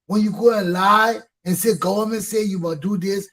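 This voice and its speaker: A middle-aged Liberian man hosts his talk show in a fiery, impassioned monologue. His voice sits fairly high with a husky, rough edge. He hammers his points home by repeating them and swearing. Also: fairly even intonation, normal speed, a bit bright, low-quality recording. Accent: Liberian English.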